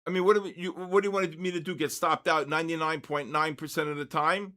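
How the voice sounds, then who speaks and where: Male, 60s, veteran trading host; slightly raised pitch, forceful lecturing delivery with constant check-ins. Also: steady tone, fast talker. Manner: emphatic, lecturing, repeats points with "okay?" and "all right?". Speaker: trading educator hosting a live session. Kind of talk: live-streamed trading lecture.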